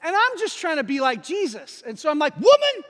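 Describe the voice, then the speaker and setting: Male pastor, very high voice, lively storyteller who acts out the people he quotes, long church-hall reverb. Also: a little fast. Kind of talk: sermon with personal storytelling. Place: church sanctuary.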